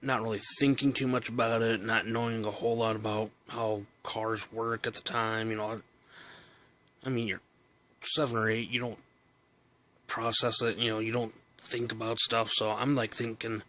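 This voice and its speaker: A man's voice: on the low side, little pitch movement, moderate pace, a bit bright. Rambling man telling a family story. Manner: rambling, many fillers and restarts. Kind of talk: casual personal anecdote.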